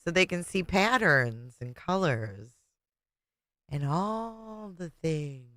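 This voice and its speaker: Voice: medium pitch, expressive, slow, pushed and bright, no echo, clean studio sound. Sarcastic heckling livestream commentator. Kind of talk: mocking reaction commentary.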